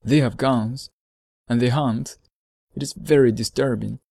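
A man voicing a gentle, lonely male fox in a storybook reading, earnest and measured, explaining things slowly. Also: mid-range voice, fairly even intonation, gravelly, husky, no echo.

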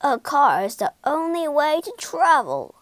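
A woman's voice: high-pitched, sing-song, slow, fairly bright tone, no room sound, voice pushed up, exaggerated voice. Woman voicing a boastful, rude storybook toad. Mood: scoffing.

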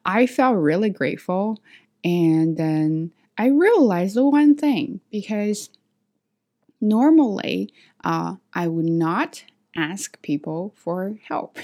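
A woman telling a story to camera in a vlog, hesitant with many fillers and restarts, animated when she acts out what others said. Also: mid-range voice, slow. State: sweaty after a walk. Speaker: vlogger.

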